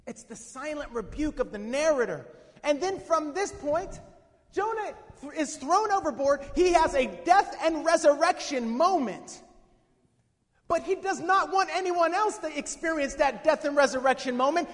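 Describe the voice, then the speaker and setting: A man preaching a sermon with dynamic swings from hushed to shouting, asking the congregation questions. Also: very high-pitched, expressive, normal speed. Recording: long reverb of a hall.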